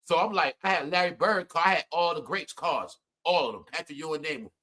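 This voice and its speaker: A middle-aged man hosts a casual live stream and tells stories about his family. His voice sits high for a man and sounds bright and sharp. He chuckles through his lines and swings between loud bursts and low mutters. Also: fairly quick, slight background noise. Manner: laughs often while telling stories. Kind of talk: casual storytelling to viewers.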